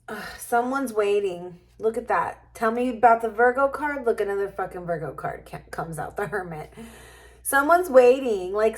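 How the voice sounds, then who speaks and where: A woman doing a casual tarot reading to camera, musing and thinking aloud as she turns cards. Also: medium pitch. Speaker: tarot reader.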